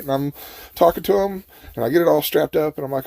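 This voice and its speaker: Brief: mellow-voiced man, folksy rambling storyteller, dry close sound. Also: mid-range voice, expressive, quick pace, no echo. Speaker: host telling a personal story. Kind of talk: casual storytelling.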